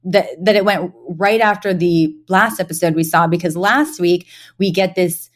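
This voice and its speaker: A woman co-hosting a podcast, talking in relaxed, casual chat. She is animated and laughs a lot. She slips into voices when quoting lines from an episode. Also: fairly low pitch, normal speed. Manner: animated, laughs often, acts out quoted lines. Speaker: podcast co-host.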